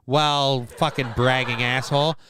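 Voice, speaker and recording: A livestream host with a mid-range voice reads news stories aloud to his chat at a slightly slow, steady pace. He cuts in with sarcastic, profane jokes, and the background is noisy.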